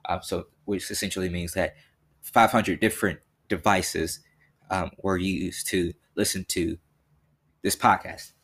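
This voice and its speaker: A man's voice: deep voice, level tone, a little slow, fairly bright tone, slightly rough. Rambling young male podcast host. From Tennessee. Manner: rambling, earnest, many fillers and restarts. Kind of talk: solo podcast monologue.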